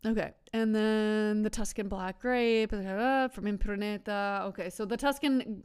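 A woman's voice: fairly high pitch, measured pace, clear, resonant tone. A woman hosting a casual wine podcast, rambling and chatty, who laughs often and stumbles over foreign words. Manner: rambling and chatty, with frequent fillers and restarts. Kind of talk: casual chat.

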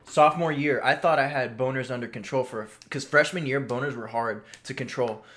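A man's voice: mid-range voice, a little fast, a bit bright. Crude, rambling young man telling stories. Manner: crude, rambling storytelling with lots of quoted dialogue. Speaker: podcast co-host. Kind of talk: casual chat.

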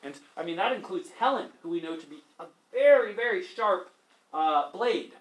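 In an echoey classroom, a male teacher gives an animated lecture, asking his students questions and acting out quotes as he retells a story. His voice sits high, at a normal speed.

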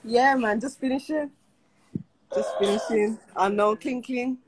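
A woman calling into a livestream from her workplace, relaxed and brief in her replies. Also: on the high side, measured pace. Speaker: livestream guest. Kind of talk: casual call-in chat. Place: at work. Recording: phone call over loud crowd. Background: loud crowd.

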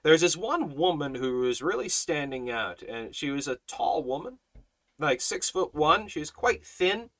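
Bright, forceful man teaching the Bible. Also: fairly high pitch, big pitch swings, measured pace. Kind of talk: Bible study talk.

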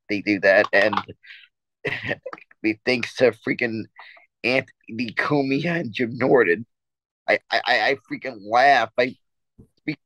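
A man's voice: medium pitch, a bit bright, no echo, poor audio. A man co-hosting a casual sports podcast, telling a story in a rambling way with many restarts and stammers. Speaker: podcast co-host.

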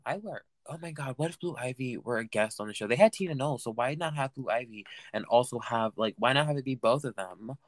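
A man hosting a solo recap podcast, talking in a campy, chatty way that swings between loud gushing and mumbled asides. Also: medium pitch, lively intonation, fast, hardly any pauses, no room sound. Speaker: podcast host.

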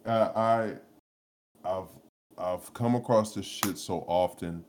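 A man talking on a podcast with a very deep, low voice. He tells his stories in a loose, rambling way, swearing freely, restarting sentences and laughing between them. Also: takes it slowly, slight background noise. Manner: rambling, profane, laughs often, lots of restarts. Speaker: podcast co-host. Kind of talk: casual chat, storytelling.

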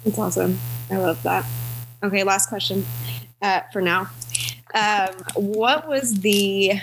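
A woman's voice: mid-range voice, steady tone, slow, slight background noise, poor audio. A woman interviewer asking long, searching questions, full of fillers and restarts. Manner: rambling questions, lots of fillers. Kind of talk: casual interview.

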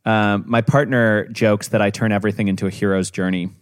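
A man's voice: lowish voice, steady tone, brisk, no room sound, studio quality. A man hosting a podcast, speaking in a reflective, thoughtful way during a casual chat. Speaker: podcast host.

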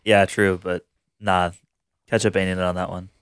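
A man's voice: low voice, level tone, moderate pace, a bit bright, clear, resonant tone, no echo, studio quality. A young man co-hosting a casual podcast, talking in a laid-back, slangy way. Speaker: podcast co-host. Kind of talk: casual chat.

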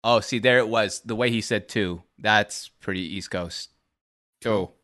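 A man's voice: lowish voice, normal speed, fairly bright tone. A man hosting a casual stream chat, laid-back and teasing as he reads out viewer questions. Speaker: streamer host.

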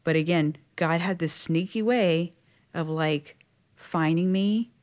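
Chatty woman from Louisiana, lower-pitched. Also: takes it slowly. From Louisiana, USA. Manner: chatty, expressive, frequent "like" fillers. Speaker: guest, Catholic religious sister. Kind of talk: personal storytelling in conversation.

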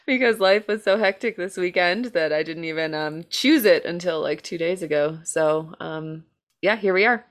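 Telling a true-crime case as a podcast co-host, an American woman chats casually in a lowish voice at a moderate pace. She leans on plenty of fillers, jokes at her own expense and swears now and then.

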